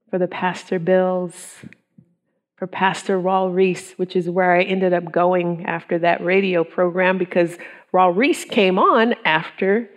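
A middle-aged woman giving an earnest, conversational testimony to a women's group, often with ums and quoted thoughts. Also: on the low side. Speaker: women's ministry speaker.

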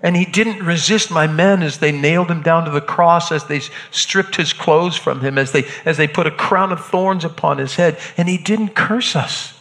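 A man acting a hardened Roman centurion shaken by an execution, talking haltingly and repeating words, in a church drama. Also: on the high side, a bit bright, long reverb tail. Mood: grave, shaken.

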